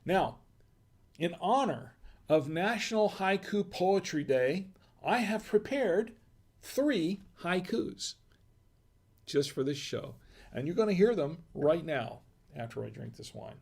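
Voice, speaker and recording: A man's voice: sits high, expressive, slow, a little mellow, breathy edge. A man hosting a wine-tasting livestream, chatting casually, reading viewers' messages aloud and asking them questions. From United States. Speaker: wine review livestream host.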